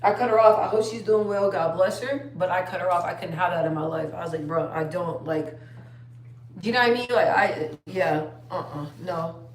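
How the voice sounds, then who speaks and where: A woman's voice: lowish voice, normal speed. A young woman chatting casually on a livestream, telling stories and reading viewer comments aloud. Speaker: livestream host. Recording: roomy sound, distant from the mic.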